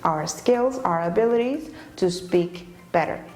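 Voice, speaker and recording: A woman's voice: lowish voice, lively intonation, measured pace, darkish tone. A woman teaching an English lesson online, patient and explanatory, often checking in with "okay?" and restating her points.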